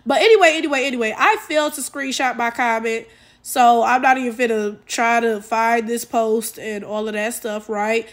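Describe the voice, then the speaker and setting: A woman ranting in a casual commentary video, exasperated and animated, using lots of slang and talking straight to her viewers. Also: on the high side, moderate pace. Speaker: commentary YouTuber.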